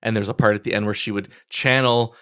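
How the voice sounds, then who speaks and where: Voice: mid-range voice, steady tone, fast, a bit bright, clean tone. A podcast co-host retelling a comedy bit in casual chat.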